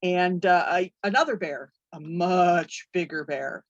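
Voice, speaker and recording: A woman runs a tabletop game and narrates the scene slowly, pausing often with fillers. Her voice is recorded dry and close. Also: lowish voice, no echo, dull audio. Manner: halting, with many fillers. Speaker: game master.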